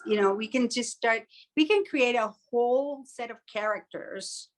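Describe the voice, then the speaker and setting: Woman, podcast co-host, casual chat, slow deliberate pace, reflective, quotes inner voices. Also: medium pitch.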